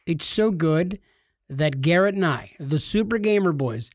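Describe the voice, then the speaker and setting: A man's voice: a little high, animated, a little slow, no echo, clean studio sound. A man co-hosting a casual podcast, telling stories with a joking manner and slipping into put-on voices. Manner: joking storyteller, puts on voices. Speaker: podcast co-host.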